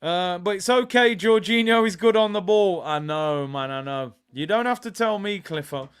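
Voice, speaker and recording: A young man hosts a live football watch-along, talking casually to his viewers. His voice sits a little high for a man. He swings from relaxed chat into loud, excitable reactions. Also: moderate pace, clear, resonant tone.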